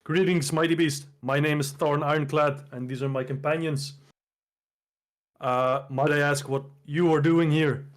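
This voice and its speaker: A man's voice: fairly high pitch, steady tone, measured pace, natural voice. A man voicing a courteous male adventurer who hails a beast in formal words. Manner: formal, raised greeting.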